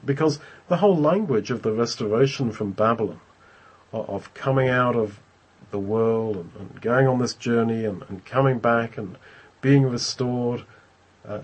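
A man preaching a sermon on a scripture passage. He speaks in a thoughtful, halting way, often repeating words as he searches for how to say things. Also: mid-range voice, slightly rough, rough recording.

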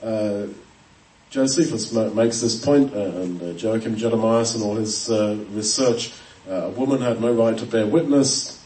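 Preacher in an echoey room. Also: male voice, on the low side, normal speed, dark tone, recorded from a distance. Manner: earnest, emphatic, with frequent restarts and ums. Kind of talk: expository sermon.

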